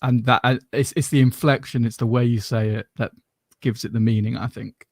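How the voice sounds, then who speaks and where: A man's voice: mid-range voice, steady tone, brisk, vocal fry, darkish tone, no echo, studio quality. A British man from the UK chatting casually, joking and laughing, often stammering. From United Kingdom. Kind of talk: casual chat.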